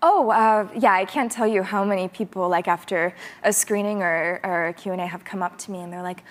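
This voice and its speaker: A woman's voice: mid-range voice, steady tone, a little fast. A woman actress guest on a talk show, chatting with a bubbly, laughing manner. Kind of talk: casual interview chat.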